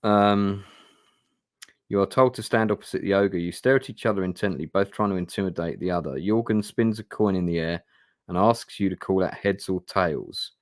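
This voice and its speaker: Low-voiced man casually playing a gamebook. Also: normal speed, no room sound. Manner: hesitant, chatty, swears casually. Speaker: gamebook player and streamer. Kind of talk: casual play-through narration.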